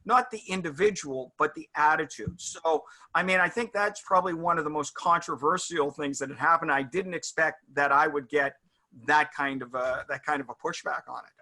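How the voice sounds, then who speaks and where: A middle-aged man, a guest in a casual interview, telling anecdotes in a reflective, halting way. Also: a little high, sharp tone.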